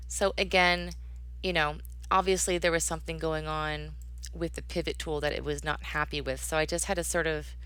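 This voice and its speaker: Tutorial narrator: woman, low and gravelly, chatty, mutters to herself as she clicks around. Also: dry recording. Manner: chatty, mutters to herself while hunting through menus; talks to the software affectionately. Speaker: instructor. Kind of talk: software tutorial screencast.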